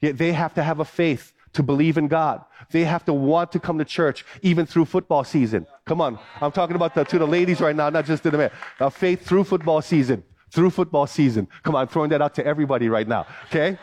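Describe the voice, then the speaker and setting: A man's voice: fairly high pitch, fast, few pauses, darkish tone. A man preaching a sermon, emphatic and repeating phrases to drive points home. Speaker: pastor.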